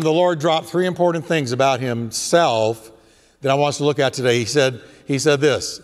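Male pastor, high voice, hammers points by repetition, long church reverb. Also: lively intonation, normal speed. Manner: emphatic, repetitive preaching. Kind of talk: sermon.

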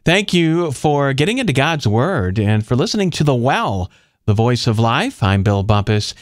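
A man's voice: medium pitch, sing-song, normal speed, no echo, studio quality. A man hosting a Christian radio show, giving an upbeat announcement. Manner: upbeat, smooth announcer delivery. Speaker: radio host.

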